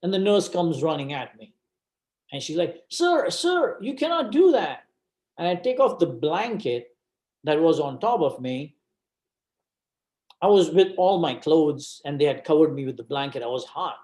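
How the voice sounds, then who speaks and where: A man's voice: fairly high pitch, normal speed, long pauses, mellow. A man giving a presentation, telling a personal story with dramatic, emphatic repetition. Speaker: guest speaker. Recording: roomy event hall.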